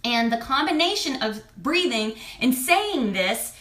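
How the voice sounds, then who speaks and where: Woman in her thirties, candid coach vlog, high bright voice, echoey room. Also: measured pace. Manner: candid and expressive, with mild swearing. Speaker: fertility and lifestyle coach. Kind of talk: casual talk to camera.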